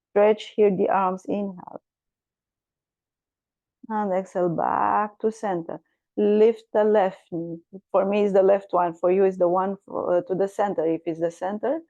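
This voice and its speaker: A woman yoga teacher leads a gentle class at a slow, unhurried pace. Her voice sits a little low, and she calls out breaths and poses with patient calm.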